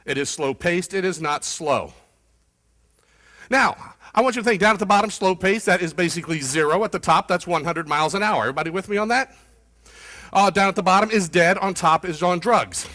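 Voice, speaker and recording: A keynote speaker, a man with a voice that sits high, delivers an energetic, fast-paced motivational talk to a room of people, frequently quizzing his audience.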